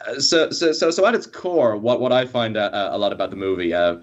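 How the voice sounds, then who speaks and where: An Irish man with a very deep, low voice, a podcast guest in casual chat. He talks earnestly and at length about a favourite film. The sound is muffled and lo-fi, like a remote call. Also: fairly quick. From Ireland. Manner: earnest, long-winded film opinions.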